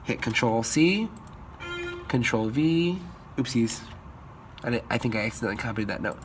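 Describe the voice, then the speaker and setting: Upbeat guy walking through a composition tutorial, mid pitch, soft music in the background. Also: animated, normal speed. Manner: upbeat, sings melodies in scat syllables. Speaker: music teacher. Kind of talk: screen-recorded composition tutorial.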